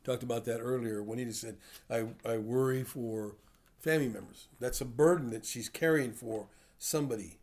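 A man's voice: mid-range voice, moderate pace, darkish tone. An older man teaching a sermon in a conversational way, asking his listeners questions as he explains. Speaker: pastor.

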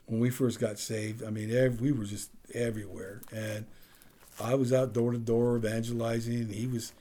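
A male pastor delivers an animated sermon and closes it in prayer. His voice swings between loud, emphatic bursts and soft, low passages.

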